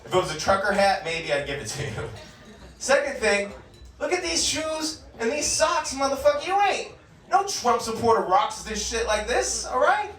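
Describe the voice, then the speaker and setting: A man's voice: extremely high pitch, very animated, moderate pace, fairly bright tone. A man in his forties from California doing a crude, profane stand-up set, often laughing at his own jokes. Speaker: stand-up comedian. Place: comedy club stage. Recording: roomy club sound, mic far off.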